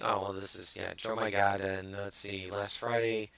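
A man's voice: lowish voice, moderate pace, creaky, no room sound. A man hosting a casual comedy podcast, reading news stories and teasing his co-host, with lots of restarts. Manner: teasing, animated, many restarts.

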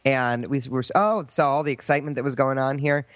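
A man's voice: medium pitch, fairly quick, fairly bright tone, dry recording. A man, co-hosting a casual comedy podcast, explaining things earnestly at length with frequent restarts. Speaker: podcast co-host.

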